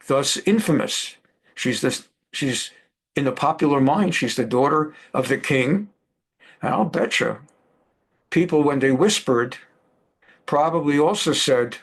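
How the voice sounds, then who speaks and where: A middle-aged male rabbi giving a Bible class in a conversational way, repeating phrases and glossing Hebrew words in English. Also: fairly high pitch.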